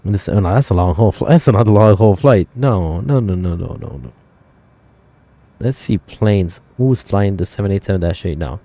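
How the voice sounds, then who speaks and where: Mellow, low-voiced man musing over flights. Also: expressive, moderate pace, no echo. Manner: thinking aloud, rambling with fillers and self-corrections. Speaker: flight sim streamer. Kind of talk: casual live-stream chat.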